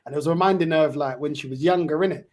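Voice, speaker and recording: Laid-back man with a higher voice. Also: very fast, darkish tone. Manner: easygoing, laughs often, repeats himself. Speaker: channel host. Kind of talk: casual chat.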